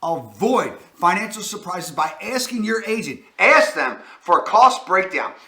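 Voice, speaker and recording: A real estate agent with a Baltimore accent hosts an energetic advice talk, emphatic and packed with catchphrases. His voice sits high and unhurried, in an echoey room.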